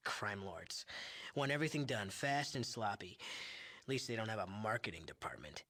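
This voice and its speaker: A man's voice: lowish voice, lively intonation, normal speed, sharp tone. An actor playing an arrogant young male drug chemist in a video game, boastful and sneering as he shrugs off cruelty. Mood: scornful.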